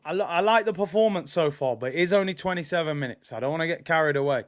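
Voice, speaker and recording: A young man streams his own running commentary on a football match. His voice sits high for a man, and he talks straight to his viewers in slangy fan chatter. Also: quick pace. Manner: animated fan, shouts and exclaims when play goes wrong. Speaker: football watch-along streamer.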